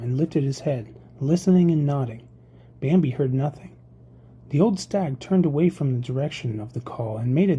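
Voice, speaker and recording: An audiobook narrator reads a novel chapter at a steady storytelling pace. The voice is very dark and mellow, with a husky edge. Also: medium pitch. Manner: steady storytelling read, occasional slips. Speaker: audiobook reader. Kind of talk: scripted narration.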